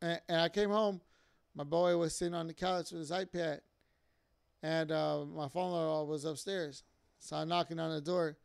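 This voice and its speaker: A young man tells his church testimony in a casual, rambling way, full of fillers and asides. His voice sits high and sounds smooth and clear. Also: fairly even intonation, normal speed. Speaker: church member giving testimony.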